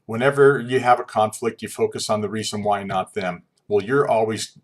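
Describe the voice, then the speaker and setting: Husky-voiced man giving a calm lecture. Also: lowish voice, moderate pace, hardly any pauses. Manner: calm, reflective, conversational with fillers. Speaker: instructor. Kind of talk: recorded class lecture.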